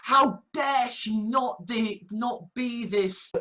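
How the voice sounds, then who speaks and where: A woman's voice: a little high, slow, few pauses, pushed and bright. A woman ranting in a vlog commentary, full of sarcastic mock outrage, repeated phrases and swearing. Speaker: online commentator.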